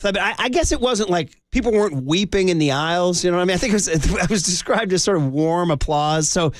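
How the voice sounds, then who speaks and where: A man's voice: sits high, fairly quick, slight background noise. A man hosting a sports talk radio show, chatting casually and animatedly with his co-host and laughing often. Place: radio studio.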